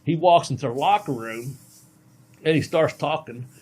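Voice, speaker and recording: A man's voice: a little high, moderate pace, darkish tone, husky. A middle-aged man, a veteran pro wrestler, telling a long casual podcast story with many ums and restarts.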